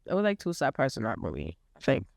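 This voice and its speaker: A woman's voice: a bass voice, huge pitch swings, quick pace, gravelly, no echo, studio quality. A young woman in her late teens co-hosting a casual podcast, teasing and giggly. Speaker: podcast co-host. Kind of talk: casual chat.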